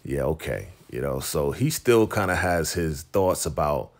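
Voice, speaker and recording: A man's voice: extremely low pitch, lively intonation, a little slow. A man casually recapping a TV episode, retelling scenes in slang and briefly voicing the characters' lines. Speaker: TV recap reviewer.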